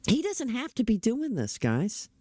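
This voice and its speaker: A man's voice: extremely high pitch, wildly swooping pitch, measured pace, a little mellow, dry recording. A middle-aged man talking politics in a casual, blunt, opinionated way, often restarting his sentences. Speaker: political commentator.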